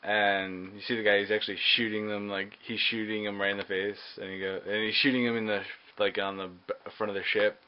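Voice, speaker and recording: A man giving a casual movie review, hesitant and full of ums and uhs. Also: on the low side. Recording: dull lo-fi recording with faint hiss.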